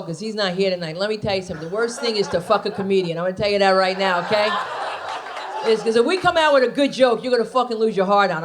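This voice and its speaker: A middle-aged woman from New Jersey doing a stand-up comedy set, brash and profane, confiding in the crowd on a club stage. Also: a little high. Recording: live club recording with noisy room.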